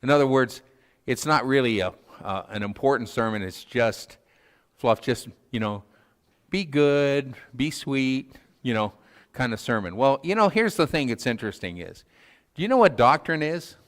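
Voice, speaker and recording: A man delivers a sermon in a relaxed, folksy way, tripping over his words with plenty of "uh"s and light chuckles. His voice sits at an ordinary middle pitch and carries a long church-hall reverb. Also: normal speed. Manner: folksy, self-deprecating, frequent fillers and chuckles. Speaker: preacher. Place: church sanctuary.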